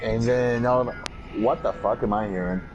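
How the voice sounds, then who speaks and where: A man's voice: medium pitch, fairly even intonation, moderate pace, over music. Swearing man ranting on a podcast. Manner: profane, ranting delivery. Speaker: podcast host. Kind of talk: casual storytelling chat. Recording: dull lo-fi podcast audio.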